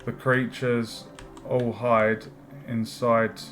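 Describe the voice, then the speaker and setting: A man narrates his game development work as he streams it, thinking aloud and pausing often to chat with the viewers. His voice sits at a middling pitch. Faint music and typing on a keyboard play behind him. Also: level tone, fairly bright tone. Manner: thinking aloud, hesitant fillers, chatty with viewers. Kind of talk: casual live-stream commentary while working.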